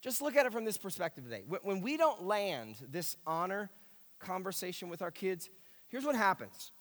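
A man preaching a sermon as pastor, emphatic and animated, repeating key phrases. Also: sits high, moderate pace. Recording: echoey hall.

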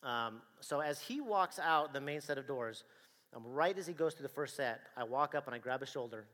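A man telling a personal story to an audience in a dramatic, animated way, acting out the dialogue and the action. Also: mid-range voice, normal speed, big-room sound.

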